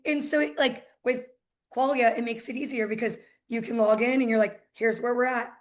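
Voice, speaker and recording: A woman's voice: a little high, fairly even intonation, moderate pace. A woman with a Southern US accent, a title company executive chatting as a podcast guest and telling stories by acting out both sides of past conversations. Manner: chatty storyteller, acts out quoted exchanges. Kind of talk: casual podcast chat.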